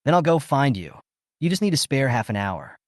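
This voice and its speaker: A man's voice: mid-range voice, sing-song, brisk, no room sound, studio quality, natural voice. A man voicing an anxious, determined young woman reporter who pleads and hurries through her words. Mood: pleading.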